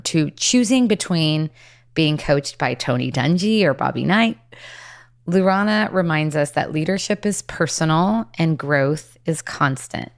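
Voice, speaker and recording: A woman's voice: deep voice, vocal fry. A woman hosting a leadership podcast, introducing and interviewing her guest with eager enthusiasm. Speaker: podcast host.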